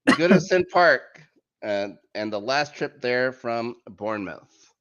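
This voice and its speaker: A man with a medium-pitched voice speaks slowly as he hosts a casual football podcast. He's lively and jokey, reading out the week's fixtures, though the recording is muffled and lo-fi.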